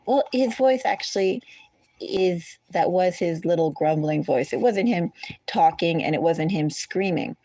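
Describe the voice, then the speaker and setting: A woman with a low, gravelly voice chats her way through a tarot reading. She drifts off on tangents and corrects herself mid-thought. The sound is close and dry. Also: darkish tone, no room sound. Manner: rambling, digressive, self-correcting. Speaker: tarot reader. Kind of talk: casual chatty astrology reading.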